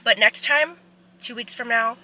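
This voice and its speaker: A young woman in her twenties, a vlogger, talks to her phone camera from inside a car in a chatty, rambling way, dropping "like" constantly. She's emotional and near tears, her fairly high voice pushed and bright at a measured pace. The recording is rough, with slight background noise.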